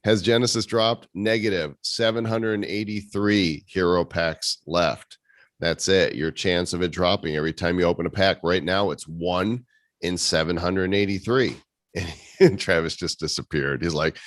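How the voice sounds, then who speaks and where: The host of this casual video-call community meeting has a low, slightly bright voice and speaks at normal speed with no echo. He spends his time teasing his co-hosts with sarcastic jokes.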